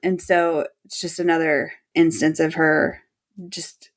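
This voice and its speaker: A woman's voice: low-pitched, unhurried. Laughing woman co-host retelling scenes. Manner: animated retelling, acting out quotes, swears freely, laughs often. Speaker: podcast co-host. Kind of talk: casual podcast chat.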